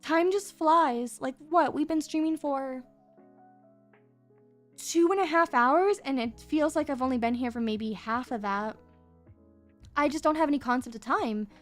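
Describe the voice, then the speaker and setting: A young woman streaming casually while she draws, chatting in a rambling, excitable way and breaking into giggles. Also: sits high, a little slow, pauses often. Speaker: VTuber streamer. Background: faint background music.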